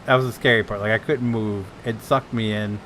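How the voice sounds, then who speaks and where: A man's voice: fairly low pitch, fairly even intonation, a little fast, a bit bright, slight background noise. A man in casual chat who laughs often and riffs jokes onto a story.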